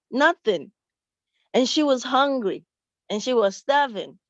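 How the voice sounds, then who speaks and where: A woman with a somewhat high voice tells a story to children at church, lively and expressive. The sound is dull and dry, close with no room echo. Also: unhurried.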